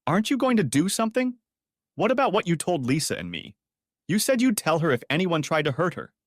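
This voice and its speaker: A man voicing an upset adult woman in an audiobook story, shrill, pleading and indignant. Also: sing-song, moderate pace, a bit bright, dry recording, clean studio sound. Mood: furious. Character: distraught adult woman friend.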